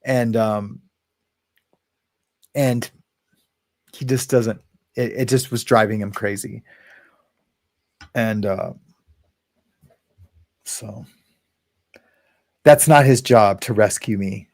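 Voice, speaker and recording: A man hosting a casual livestream, reading viewer comments aloud and rambling with frequent chuckles and halting restarts. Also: fairly low pitch, gravelly, a little mellow, no echo, studio quality. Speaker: livestream host.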